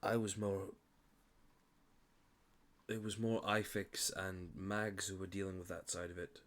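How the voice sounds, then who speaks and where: Laid-back low-voiced man game master. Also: flat delivery, a little slow. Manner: casual, apologetic, swears freely. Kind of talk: narrating a tabletop game.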